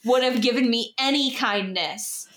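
A woman in a casual chat, telling an animated story full of quoted voices and the odd swear word. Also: fairly high pitch, a little slow, echoey room, a loud crowd. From Denver area, United States.

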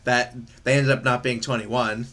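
A man's voice: medium pitch, level tone, normal speed, bright, forceful tone. Young man, casual co-host, profane storyteller, laughs through his anecdotes. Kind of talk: casual chat.

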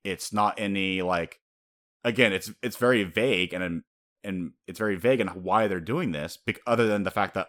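A man casually reviewing an animated film, rambling and animated, with many "like" fillers. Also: low voice, moderate pace. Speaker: podcast host reviewing an anime film.

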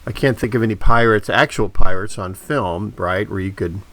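Low-voiced man in casual podcast chat. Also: normal speed, fairly bright tone, dry recording. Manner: hesitant, self-deprecating storyteller with many restarts. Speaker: podcast co-host.

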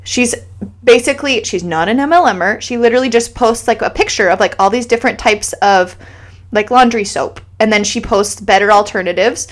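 Woman cohost just chatting, reflective and rambly, voice on the higher side. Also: brisk. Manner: chatty, reflective, talks through her thoughts with fillers. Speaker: podcast co-host. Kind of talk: casual chat.

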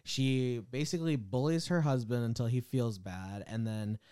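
A man's voice: mid-range voice, moderate pace, mellow, clean tone. A man co-hosting a podcast, recapping a movie in casual chat and acting out lines in playful quoted voices. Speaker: podcast co-host.

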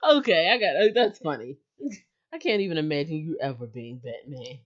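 A woman's voice: deep voice, animated, normal speed. A woman in casual chat about a show, blunt and playful with slangy phrasing. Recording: dull lo-fi sound.

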